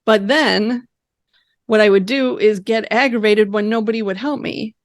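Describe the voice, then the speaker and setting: A woman's voice: medium pitch, normal speed, dry recording, studio quality. Reflective woman guest giving advice. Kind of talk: conversational interview.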